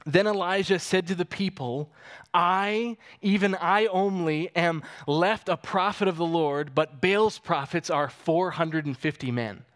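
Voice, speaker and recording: A man preaching a sermon, reading scripture aloud and explaining it, animated and chuckling as he retells the story. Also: high-pitched, a little slow.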